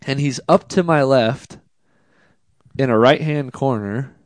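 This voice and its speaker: A drift driver tells a casual story during an interview, animated and poking fun at himself, with plenty of fillers. His voice sits at medium pitch and moves at a measured pace, and the recording is dry.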